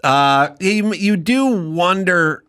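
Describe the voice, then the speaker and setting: An American man hosts a casual podcast conversation, letting his stories unfold slowly. His voice has a bright, forward edge, and he laughs easily between thoughts. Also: high-pitched, clean tone. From San Fernando Valley, California. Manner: laid-back storytelling, laughs easily. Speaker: podcast host. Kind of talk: casual chat.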